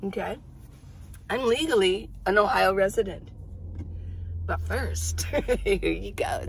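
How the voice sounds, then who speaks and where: A woman's voice: medium pitch, takes it slowly, creaky, long pauses, a little hiss or hum, poor audio. A middle-aged woman hosting a casual, rambling coffee-chat vlog from her minivan. She laughs often as she talks. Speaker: vlogger. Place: inside a minivan.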